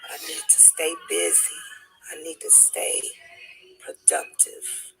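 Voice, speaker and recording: A woman speaking as a distraught grieving mother, halting and repeating herself, dropping to near-whispers and then rising again. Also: a bit bright, faint music behind, poor audio. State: distraught, on the edge of tears. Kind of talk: emotional personal testimony.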